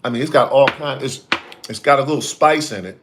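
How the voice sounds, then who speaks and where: A man's voice: medium pitch, brisk, noisy background. Middle-aged man, casual health talk. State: irritated throat, coughing. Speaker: host. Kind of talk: casual chat.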